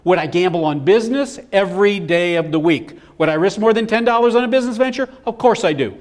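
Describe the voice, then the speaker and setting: A man's voice: sits high, fast. A middle-aged man giving a business seminar, telling stories and acting out the quotes. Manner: animated storyteller acting out quotes. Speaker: business speaker. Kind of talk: live seminar presentation.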